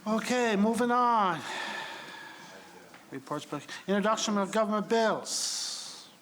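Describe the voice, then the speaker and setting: The speaker of a legislature calling the order of business in a brisk, procedural way. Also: mid-range voice, expressive, a bit bright. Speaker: speaker of the house. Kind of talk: parliamentary procedure. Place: legislative chamber.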